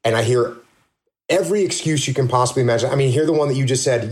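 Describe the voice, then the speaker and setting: A man's voice: mid-range voice, quick pace, darkish tone. A man speaking as a leadership consultant in a casual podcast conversation, blunt and emphatic, often firing rhetorical questions.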